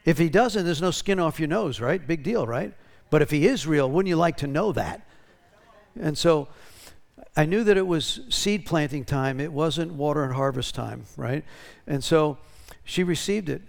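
Raspy slightly high guy preaching chatty style, keeps asking right?. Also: moderate pace. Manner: conversational, tag questions. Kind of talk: preaching with congregation testimonies.

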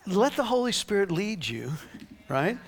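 Speaking a little slowly in a high-sitting voice, a man preaches about a healing. His telling is animated, full of acted-out dialogue and laughter.

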